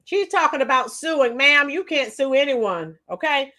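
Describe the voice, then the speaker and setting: A woman's voice: sits high, animated, a little slow, pushed and bright, a little hiss or hum. Sarcastic woman mocking a video. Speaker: commentator reacting to bodycam video. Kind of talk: reaction commentary.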